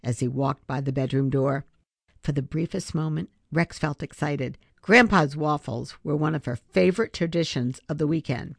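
Low-voiced woman reading a children's book. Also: moderate pace, vocal fry, no room sound, studio quality. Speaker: storybook reader.

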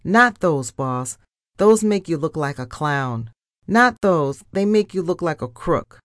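A woman voicing a bubbly, blunt young female mouse assistant with a squeaky voice. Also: animated, slow, no room sound, clean studio sound. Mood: bossy.

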